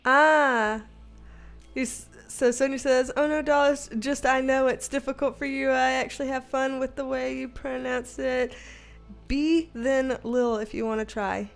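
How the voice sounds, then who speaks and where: A woman from the Southern United States, with a Southern American accent, hosts a casual livestream over soft background music, reading viewer comments. Her high voice has vocal fry, fairly even intonation, and an unhurried pace, and she's chatty, slangy, and laughs often.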